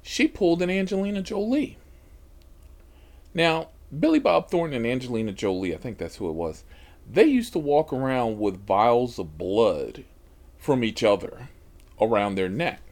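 A man's voice: mid-range voice, sing-song, moderate pace, a little mellow. A man hosting a podcast, telling a story from his rideshare driving in an exasperated, heavily profane way. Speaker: podcast host and rideshare driver.

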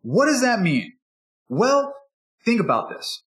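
An energetic, enthusiastic man teaching as a speaking coach in a motivational podcast talk, sometimes acting out a customer and a salesperson. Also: sits high, slow. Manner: energetic and enthusiastic, animated delivery; acts out customer and salesperson dialogue.

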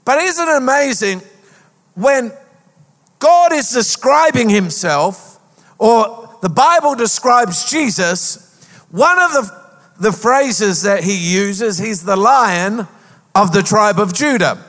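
A man preaching a lively sermon as a pastor, with a sing-song rhetorical delivery. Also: high-pitched, takes it slowly. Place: church auditorium. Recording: long hall reverb.

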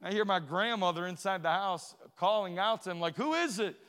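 A man's voice: high voice, fairly even intonation, a little fast, fairly bright tone, clean tone, big-room sound. A man from Portugal telling a personal testimony in a sermon, moving from easy storytelling to emphatic preaching.

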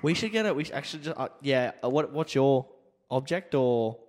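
A man's voice: medium pitch, animated, fairly quick, big-room sound. A man co-hosting a casual podcast, brash and full of crude jokes. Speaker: podcast co-host. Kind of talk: casual chat.

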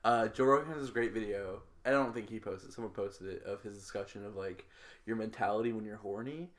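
A man's voice: fairly low pitch, steady tone, a little fast. A young man co-hosting a podcast, rambling through stories in crude casual chat. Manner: rambling, crude, trails off often. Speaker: podcast co-host.

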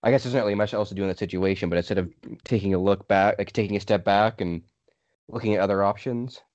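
A man's voice: lowish voice, fairly even intonation, quick pace, darkish tone, no echo. A young man co-hosting a podcast, giving dry, offhand opinions in casual chat. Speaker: podcast co-host. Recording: dry, dull lo-fi sound.

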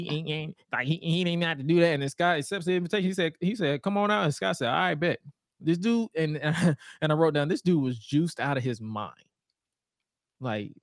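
A man's voice: on the high side, dry recording, clean studio sound. A man co-hosting a podcast, recapping old wrestling shows in a casual chat and acting out the wrestlers' lines in silly voices. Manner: animated storytelling, acts out wrestlers' lines in goofy voices. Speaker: podcast co-host.

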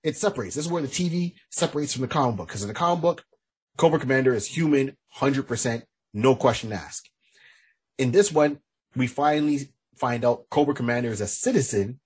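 A man co-hosting a casual podcast who rambles and restarts his sentences as he talks. His pitch sits in the middle. His voice is extremely clear and smooth. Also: fairly quick. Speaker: podcast co-host. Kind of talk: casual chat.

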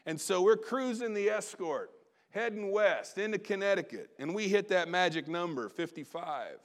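High-voiced man preaching with stories. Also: normal speed. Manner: animated storyteller with sudden drops to quiet asides. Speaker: pastor. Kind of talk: sermon storytelling.

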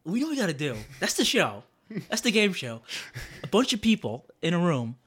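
Fast, lively man on a comedy podcast. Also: high-pitched, breathy edge. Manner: fast, jumpy, interrupts and guesses ahead. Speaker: podcast co-host. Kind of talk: casual comedy chat.

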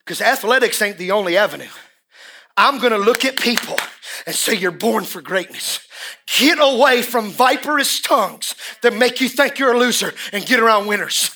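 A middle-aged man preaching a sermon in a church, dropping to hushed asides and then rising to shouted climaxes. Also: very high-pitched, expressive, normal speed. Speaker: pastor. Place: church service in a room.

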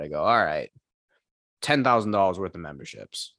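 A low-pitched man chats casually about running his gym. He tells profane stories and acts out the people in them. The sound is dry and close, with no room echo. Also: sing-song, a little fast, pushed and bright. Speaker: gym owner and trainer. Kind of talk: casual chat.

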